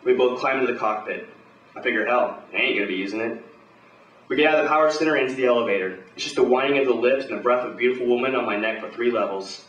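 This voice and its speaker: A man's voice: mid-range voice, rapid-fire, fairly bright tone, reverberant, far from the mic, lo-fi sound. A man performing a hard-boiled pulp story live at a bar, with swaggering, profane tough-guy narration. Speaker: performer at an open reading.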